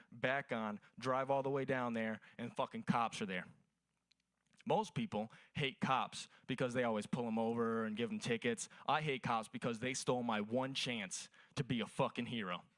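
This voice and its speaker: A man's voice: medium pitch, a bit bright, no room sound. A young man performing a crude stand-up set at an open mic, telling profane stories. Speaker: stand-up comedian.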